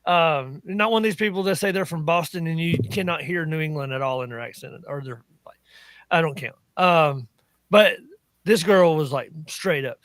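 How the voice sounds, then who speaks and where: A man's voice: a little high, a bit bright, no room sound. A man with a Southern Appalachian accent, telling stories in casual chat with a laugh never far off. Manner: chatty storyteller, laughs often.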